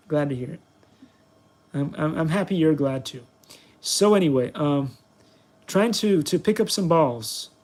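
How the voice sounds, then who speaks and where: A man's voice: fairly high pitch, darkish tone. A man hosting his review vlog, chatting in a playful, self-mocking and rambling way while flying a toy. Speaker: product reviewer, channel host. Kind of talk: casual vlog commentary while playing.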